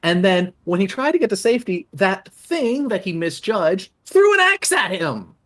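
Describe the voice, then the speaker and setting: A woman's voice: medium pitch, very animated, normal speed. A woman playing a tabletop game, arguing her case in a sarcastic way. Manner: sarcastic, argumentative. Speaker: player. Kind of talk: casual game chat.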